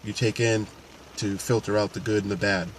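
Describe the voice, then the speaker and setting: Guy with a lowish voice talking straight to camera, earnest, lots of restarts, faint traffic hum behind. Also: fairly even intonation, moderate pace. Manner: earnest, unscripted, many restarts. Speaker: paramedic and fitness coach. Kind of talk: casual talk to camera.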